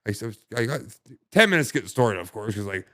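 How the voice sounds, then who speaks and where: Brief: man, podcast guest, lowish voice, swears freely, stumbles and restarts, dry close sound. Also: very animated, bright, forceful tone, no echo. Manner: halting, profane, many restarts and fillers. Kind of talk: casual conversation.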